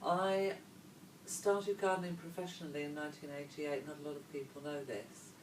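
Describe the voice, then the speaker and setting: The interview guest, a former model with a deep, steady voice, talks at a moderate pace over a noisy background. She's chatty and wanders from point to point with trailing asides, captured from afar in an echoey room.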